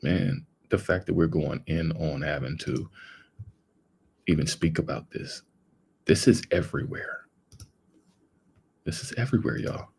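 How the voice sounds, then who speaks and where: Deep gravelly man on a livestream. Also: a little slow, pauses often, a little mellow. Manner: rambling, earnest, addresses viewers as y'all. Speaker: livestream host. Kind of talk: casual livestream commentary.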